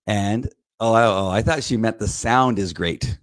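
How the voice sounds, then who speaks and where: Low-voiced rambling man. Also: measured pace, no echo, studio quality. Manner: rambling, many restarts and repeated words; animated when quoting others. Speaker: podcast co-host. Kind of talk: casual chat.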